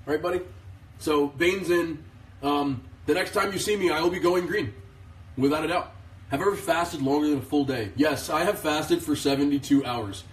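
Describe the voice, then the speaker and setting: A man hosting a casual live stream, joking in a deadpan, sarcastic way and rambling with lots of filler words into a phone. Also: fairly high pitch, normal speed, far from the mic. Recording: roomy, voice away from the mic.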